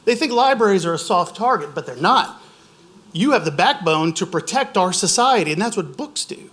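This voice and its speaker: A man's voice: high-pitched, lively intonation, moderate pace, a bit bright. A man from Louisiana giving an impassioned public comment at a board meeting, telling stories and laughing at times.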